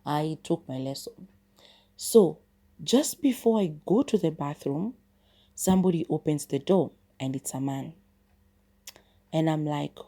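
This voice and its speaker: Low, mellow Kenyan woman storytelling. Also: moderate pace. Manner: chatty, switches between English and Swahili. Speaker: podcast host. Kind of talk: casual storytelling monologue.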